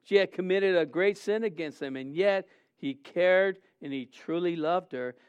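A man preaching a sermon, animated and conversational, often acting out quotes in a raised voice. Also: high-pitched, unhurried, smooth. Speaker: pastor. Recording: dull lo-fi sound.

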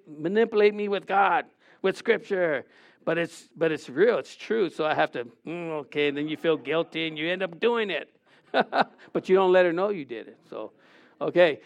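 A man's voice: high-pitched, clear, resonant tone, muffled recording. A man preaching a sermon, reading scripture aloud and telling a story with asides to the congregation. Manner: reads scripture then tells a joke with audience asides and laughter. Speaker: pastor.

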